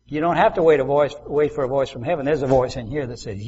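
A man pastor preaching a sermon, swinging from loud emphasis to soft asides and acting out quoted voices. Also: fairly high pitch, fast talker, few pauses, highs cut off, slight background noise.

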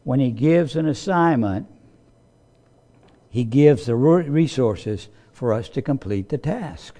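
A man preaching a sermon, emphatic, repeating key phrases and swelling louder on his points. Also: on the high side. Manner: slow, deliberate delivery. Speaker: pastor.

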